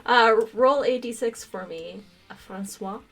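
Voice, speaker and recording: A woman narrating as game master of a tabletop role-playing game, halting often with filler words. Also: on the high side, gravelly, a bit bright, faint music behind.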